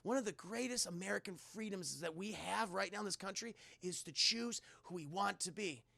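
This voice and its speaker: A man voicing a laid-back, stubborn young male ex-Marine, low and offhand. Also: moderate pace, gravelly, pushed and bright, no echo, exaggerated voice.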